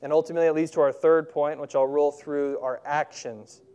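Man preaching a sermon, kinda high voice, smooth and clear, earnest, leans hard on key words. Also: steady tone, mellow, highs cut off. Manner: earnest, emphatic, slows down to stress key words.

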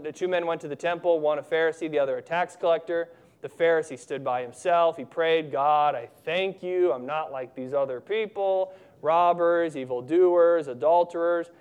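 A man preaches a sermon in a slightly high, smooth and clear voice. He is earnest and emphatic. He slows right down to press home the words that matter. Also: a little mellow.

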